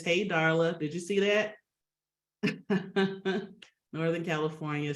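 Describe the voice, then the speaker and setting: A woman hosting a webinar over a video call, chatty and upbeat, greeting attendees by name and laughing often. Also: fairly low pitch. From Atlanta, Georgia. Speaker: webinar host. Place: home office on a video call. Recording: roomy video call audio.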